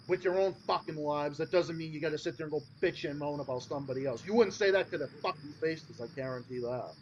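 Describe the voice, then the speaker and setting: A man hosting a podcast, ranting angrily and swearing constantly, his voice jumping high when worked up. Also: fast, hardly any pauses. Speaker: podcast host. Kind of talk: profane ranting monologue. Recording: slightly dull lo-fi sound with faint noise.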